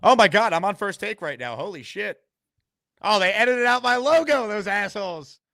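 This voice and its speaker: Male call-in host, bright forceful voice, dry close sound, likes to tease. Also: high-pitched, expressive, moderate pace, no echo. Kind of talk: live call-in show.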